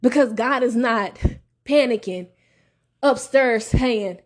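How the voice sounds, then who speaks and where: A high-pitched woman speaks, hosting her podcast in a faith-filled motivational monologue. She repeats lines over and over and asks again and again whether you hear her. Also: normal speed. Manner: preachy, repetitive call-and-response exhortation. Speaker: podcast host.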